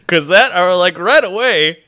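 Guy cohosting a podcast, jokey, laughs a lot, bright lively voice. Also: high voice, measured pace. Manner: joking, laughs often. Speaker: podcast co-host. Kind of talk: casual chat.

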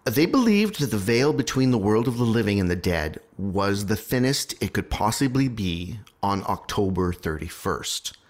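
A man hosting a podcast, chatting eagerly about history with a co-host. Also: fairly low pitch. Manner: dramatic slow reading, then excited chatter. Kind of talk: casual podcast chat.

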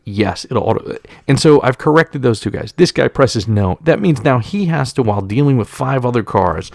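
Man with a gravelly voice recounting a story, rambling and profane, dry close sound. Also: medium pitch, darkish tone, dry recording. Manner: rambling, profane, self-interrupting. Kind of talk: casual storytelling.

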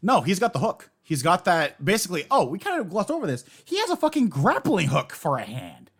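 Animated man in casual anime chat. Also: high-pitched, husky. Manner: animated, jokey, quick to laugh. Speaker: podcast co-host.

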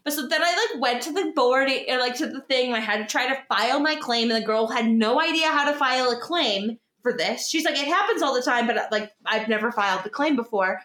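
A woman with a fairly high, bright, forceful voice tells a lively story in casual conversation, slipping into quoted voices and cursing now and then. The sound carries noticeable room echo. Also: quick pace, few pauses. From Denver area, United States. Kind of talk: casual chat.

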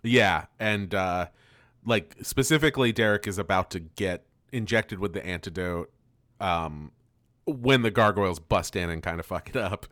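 A man co-hosting a casual podcast, recapping a cartoon episode with frequent laughter and quick silly voices for the characters. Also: low-pitched, fairly bright tone, no room sound, clean studio sound. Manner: laughs often, loose and profane, acts out lines in quick silly voices. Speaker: podcast co-host.

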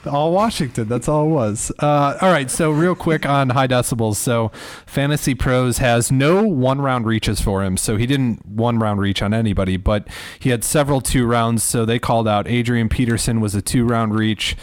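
A man's voice: mid-range voice, normal speed, few pauses, no room sound. Blunt man on a dry podcast mic. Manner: offhand, blunt, swears. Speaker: podcast co-host. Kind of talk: casual podcast chat.

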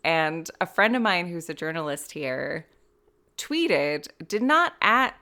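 A woman from the United States in her thirties chats casually as a podcast guest. She tells stories with a fairly low voice, laughs often and slips into little acted quotes. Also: slow. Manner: animated storytelling, laughs often, acts out quotes. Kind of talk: casual chat.

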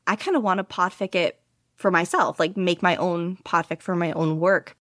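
A woman's voice: fairly low pitch, no room sound, clean studio sound. Rambling, chatty young woman guest. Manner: rambling, enthusiastic, frequent "like" fillers and laughter. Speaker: guest podficcer. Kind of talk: casual interview chat.

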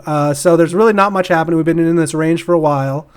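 A man's voice: a little high, quick pace, clear, resonant tone. Rambling man co-hosting a crypto podcast. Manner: rambling, laughs often, many fillers and restarts. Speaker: podcast co-host. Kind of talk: casual crypto market chat.

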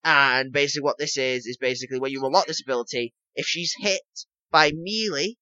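On a casual gaming podcast, a male co-host with a sharp, medium-pitched voice explains things a bit quickly, going over the same points again. "Basically" and "obviously" come up constantly, in a lo-fi recording without echo.

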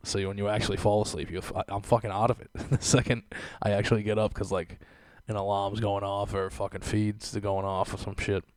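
A man's voice: on the low side, little pitch movement, brisk, hardly any pauses, darkish tone, no room sound. A young man hosting a podcast, ranting in a casual, sarcastic way, swearing often and laughing at his own lines. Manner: profane, laughing, sarcastic rant. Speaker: podcast host.

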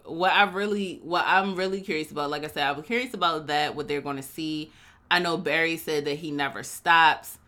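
A woman co-hosting a podcast in casual, animated chat, quick to argue and laugh. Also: deep voice. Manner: animated, argumentative, laughs often. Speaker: podcast co-host.

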